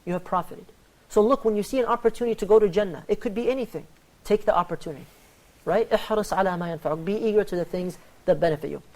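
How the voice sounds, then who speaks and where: A man hosting a religious panel talk on charity, telling stories in an animated way and acting out the quoted lines. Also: high voice, racing. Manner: animated storyteller, acts out quoted dialogue. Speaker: host.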